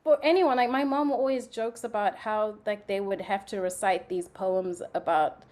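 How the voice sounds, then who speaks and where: A woman's voice: mid-range voice, moderate pace. Young woman from zimbabwe chatting away in an interview, lots of "like", acts out little quotes. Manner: animated storytelling, many "like" fillers, acts out quotes. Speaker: guest, playwright and actress. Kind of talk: casual conversational interview.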